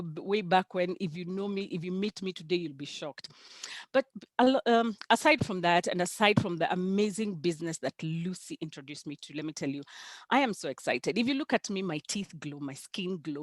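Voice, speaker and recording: A woman giving an animated, emphatic testimonial about her business mentor on a group video call. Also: lowish voice, no echo. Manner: animated, emphatic, repeats "let me tell you". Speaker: business team member giving a tribute.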